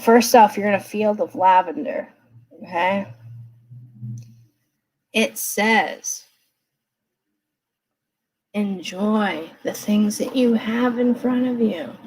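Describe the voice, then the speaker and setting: Woman reading tarot live at her desk, slow and chatty, keeps checking in with a gentle "okay?". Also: mid-range voice, slightly rough, rough recording. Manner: chatty, reassuring, often asks okay. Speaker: tarot card reader. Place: seated at a desk.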